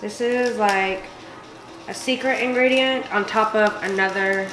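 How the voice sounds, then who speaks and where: A woman's voice: medium pitch, measured pace. A tipsy woman hosting a casual cooking vlog, rambling and swearing freely as she chops. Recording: echoey room with music behind.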